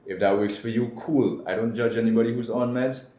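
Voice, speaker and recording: A man's voice: medium pitch, steady tone, brisk, mellow. A man with a Trinidadian accent, a guest telling his personal story candidly in an interview. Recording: echoey room with faint noise.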